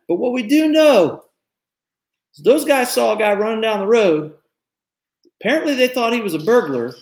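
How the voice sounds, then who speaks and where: A man's voice: sits high, roomy sound. A man in his forties hosting a talk show, speaking earnestly and reflectively in casual commentary. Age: 40s.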